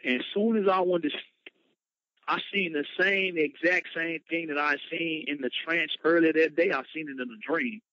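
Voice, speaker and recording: A man's voice: on the high side, moderate pace, bright, forceful tone, no room sound. A man, a motivational speaker, telling his personal story with emphatic, dramatic retelling. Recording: dull lo-fi, dry sound.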